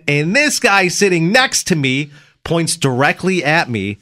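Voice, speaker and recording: A man hosting a morning radio show, his voice sitting on the higher side and swinging widely in pitch. He tells his story casually into a studio microphone, laughing and restarting as he goes. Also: expressive, unhurried, fairly bright tone, no echo.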